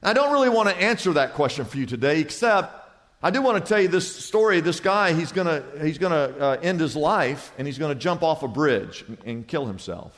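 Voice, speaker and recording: Male pastor, high voice, animated sermon delivery in a church hall with a long echo. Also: brisk. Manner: animated storytelling, acts out characters in a joke. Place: church hall before a congregation.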